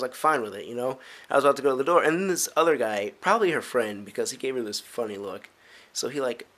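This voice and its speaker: A man's voice: medium pitch, a bit bright. A young man in his teens, rambling casually to camera in a vlog, full of filler words, restarts and giggly asides. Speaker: vlogger.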